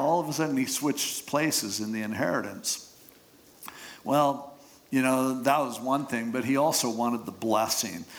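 A man preaching, retelling scripture with casual humor and jokes. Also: medium pitch. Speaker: pastor. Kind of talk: sermon.

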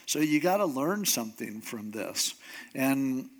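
A man preaching in a casual, conversational way, retelling a scripture story with slang and lively asides. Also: mid-range voice, measured pace.

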